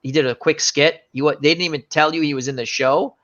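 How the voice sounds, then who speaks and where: Man hosting a casual chat, animated and bright, slightly dull lo-fi audio. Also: fairly high pitch, fast talker. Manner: animated, acts out movie scenes in voices. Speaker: show host. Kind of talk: casual chat about movies.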